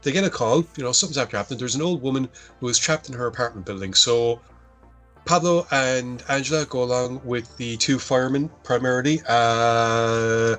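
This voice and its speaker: Faint music plays behind a podcast co-host whose medium-pitched voice is fairly quick and a bit bright. In casual chat he recaps a horror film, rambling, swearing and correcting himself along the way.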